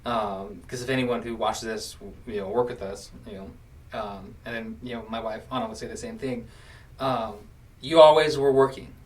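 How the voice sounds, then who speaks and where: A man's voice: on the low side, moderate pace, distant mic. A man in his late twenties hosting a podcast, chatting casually and acting out quotes as he tells stories. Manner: animated storyteller, acts out quotes. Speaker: podcast host. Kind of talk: casual chat.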